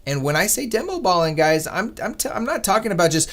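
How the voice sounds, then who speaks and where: A man hosting a live trading stream, talking to viewers in an earnest, animated, motivational way. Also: high voice, fast. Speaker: day-trading livestream host. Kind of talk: casual livestream talk.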